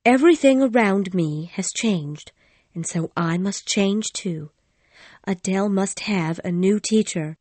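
A woman's voice: mid-range voice, unhurried, darkish tone, no room sound, natural voice. A young woman playing a principled young governess in an audio drama, speaking earnestly and firmly while holding back tears. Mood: distressed, pleading. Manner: firm, earnest, restrained tearful. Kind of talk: audio drama acting and first-person narration.

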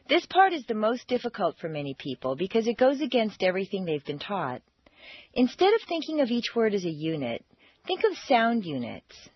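A woman with an American accent reads scripted narration as an accent coach, with a husky voice and melodic, exaggerated intonation in her examples. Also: mid-range voice, dry recording, muffled recording.

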